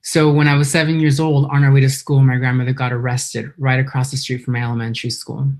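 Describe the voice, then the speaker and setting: A woman's voice: extremely low pitch, flat delivery, quick pace, darkish tone. A woman from San Diego giving an earnest, emotional personal recovery talk at a meeting, a little nervous, speaking into her computer on a video call. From San Diego, California. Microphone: computer for an online video meeting.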